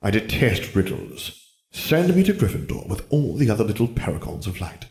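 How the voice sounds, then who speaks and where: A man's voice: lowish voice, wildly swooping pitch, moderate pace, gravelly, darkish tone, slightly rough, no room sound, voice pushed up, full character voice. A man voicing a smug, scheming boy wizard who talks in a grandiose, condescending way.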